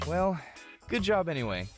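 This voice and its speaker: A woman's voice: fairly low pitch, exaggerated voice. An actress voicing a laid-back, teasing woman in a visual novel, with a drawling, easy manner. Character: laid-back older-sister type, teasing, easygoing.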